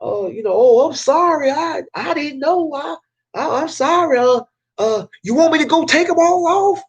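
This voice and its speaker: A man's voice: very high voice, expressive, normal speed, pitched above the performer's own voice. A man putting on a Southern accent to play a naive, apologetic version of himself who stammers through apologies. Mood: faux innocent. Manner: exaggerated drawl, flustered stammering apologies. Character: grown man playing dumb, apologetic and innocent.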